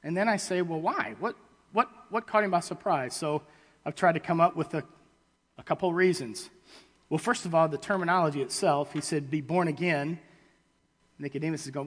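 A man delivers a sermon, reading scripture and retelling it in casual, halting paraphrase full of restarts. His voice sits a touch high for a man. A long reverb trails each phrase, as in a large hall. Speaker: preacher.

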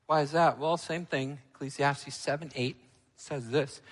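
A male pastor preaching a sermon, emphatic, moving between loud, ringing lines and quiet, low ones. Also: steady tone, a little slow, in a large hall.

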